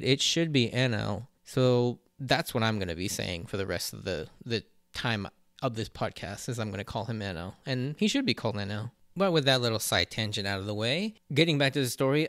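A man's voice: medium pitch, a bit bright, clear, resonant tone, dry recording, clean studio sound. A man hosting a podcast, recapping episodes in a chatty way, laughing often and drifting into side tangents. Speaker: podcast host.

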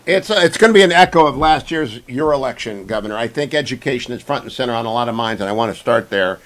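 A man hosting a political talk radio show, interviewing a guest with brisk, emphatic delivery and loud greetings. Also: mid-range voice, animated, poor audio.

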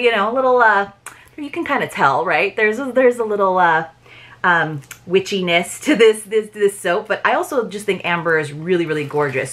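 A woman's voice: fairly low pitch, fairly bright tone. A woman reviewing a book subscription box, gushing in a bubbly, chatty way as she unboxes each item. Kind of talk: unboxing vlog.

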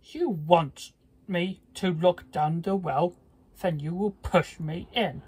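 Big bad wolf, storybook dad, loud and gloaty, husky read-aloud voice. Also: mid-range voice, takes it slowly. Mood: gloating. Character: boastful hungry male wolf father.

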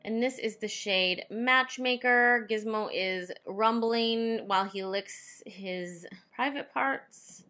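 A woman's voice: a little high, takes it slowly, few pauses, bright, forceful tone. A young woman reviewing makeup at home in a chatty, playful way, joking and humming bits of song between comments. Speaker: beauty vlogger. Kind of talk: casual makeup review chat. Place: home, indoors.

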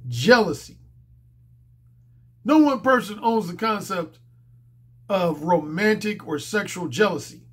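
A man who is a dating coach, talking in a strained, hoarse voice from a cold, lecturing his viewers emphatically and repeating his points. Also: high-pitched, lively intonation, slow, pauses often, a bit bright. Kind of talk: monologue to camera.

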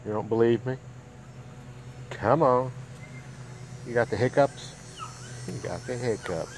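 A man's voice: mid-range voice, measured pace, slight background noise, low-quality recording. A man, a dog breeder, chatting casually and coaxingly to his dogs in a home video. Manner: doting, coaxing talk to his pets.

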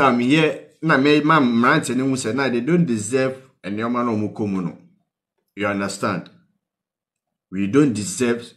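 A man's voice: mid-range voice, a bit bright. A man with a Ghanaian accent hosting a call-in talk show, switching between Twi and English and prodding viewers with questions as he gives earnest advice. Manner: keeps prodding viewers with "What you say?", mixing Twi and English; earnest, pleading, advice-giving tone. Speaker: host.

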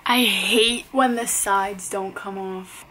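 A woman's voice: steady tone, slow pace, sharp tone, slight background noise. A young woman talking casually to the camera as a vlogger, chatty and filling her sentences with "like". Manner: chatty, says "like" a lot, low-key and tired in the mornings. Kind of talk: casual vlog narration to camera. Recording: vlog audio with music playing underneath.

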